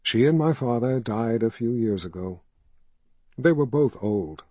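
A man reading an audiobook voices a soft-spoken, sinister male ruler who coaxes a frightened child with false gentleness. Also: medium pitch, animated, measured pace, slightly rough, no echo. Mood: coaxing, soothing. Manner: soft, coaxing and indulgent. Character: smooth, soft-spoken male tyrant posing as kind.

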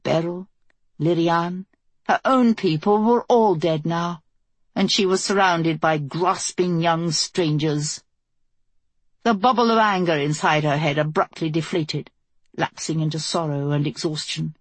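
A woman reading a fantasy novel aloud as the narrator, in a steady, measured way. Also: lowish voice, no echo. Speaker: audiobook narrator.

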